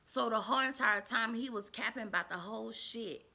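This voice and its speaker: Dramatic, bright-voiced woman telling a story. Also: a little high, fairly quick, creaky. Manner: animated, dramatic, swinging from loud to hushed. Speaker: vlogger. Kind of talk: storytime vlog.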